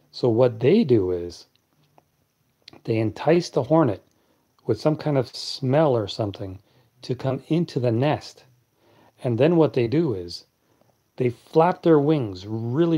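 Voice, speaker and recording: A man hosting a late-night live stream, chatting casually and answering viewers' comments in a deep, clear voice. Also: warm tone.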